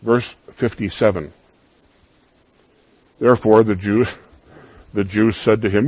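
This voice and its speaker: A man preaching a sermon, emphatic, rising loud on key lines and dropping to soft asides. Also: lowish voice, fairly even intonation, takes it slowly, long pauses, husky, dry recording, muffled recording.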